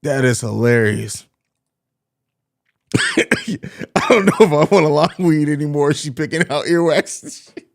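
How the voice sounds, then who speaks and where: A man's voice: fairly high pitch, expressive, measured pace, gravelly, long pauses. A man hosting a live pregame sports stream, bantering in slang and laughing often. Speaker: podcast host.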